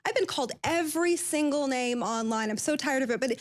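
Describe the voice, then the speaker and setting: A woman from Kentucky speaking as a guest on a talk-show panel, tearful and angry, apologizing for yelling as she catches her breath. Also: sits high, fairly quick. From Kentucky, USA. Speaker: guest commentator.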